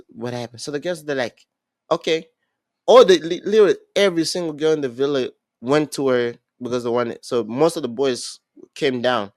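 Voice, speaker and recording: A young man hosting a podcast, casually recapping a reality show and acting out what people said, with many halting restarts. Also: mid-range voice, dry recording. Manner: animated storyteller, acts out quotes, halting restarts. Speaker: podcast host.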